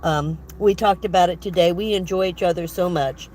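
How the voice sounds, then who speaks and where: A woman's voice: lowish voice, normal speed, darkish tone. An older woman hosts a loose, chatty livestream from inside her van, her voice thick with congestion from a head cold. She rambles, laughs often, and greets viewers one by one. A faint hum of background noise sits under her voice. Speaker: van life vlogger hosting a livestream. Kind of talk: casual livestream chat.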